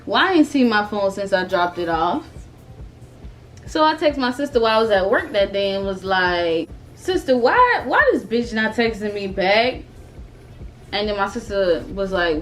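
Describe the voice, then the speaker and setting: A woman in her twenties telling a storytime vlog in a casual, animated, profane way, often laughing as she talks. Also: medium pitch. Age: 20s. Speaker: vlogger.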